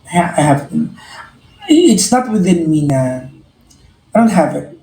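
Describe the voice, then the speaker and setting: A man's voice: a little high, very animated, unhurried, mellow, echoey room, rough recording. A man with a Filipino accent hosting a live stream, speaking in an earnest, reflective way and often restarting his phrases. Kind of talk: casual live-stream chat to viewers.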